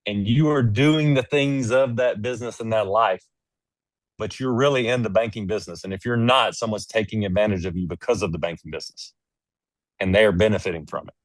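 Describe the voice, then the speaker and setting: A man's voice: on the low side, fairly quick, no echo. A man speaking as a guest in an interview, making his points with emphatic, preachy storytelling. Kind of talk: casual interview conversation.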